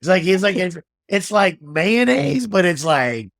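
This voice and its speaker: A man's voice: high-pitched, sing-song, measured pace, creaky, a bit bright, no room sound, clean studio sound. A man co-hosting a podcast in casual chat, laid-back, laughing easily and swearing. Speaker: podcast co-host.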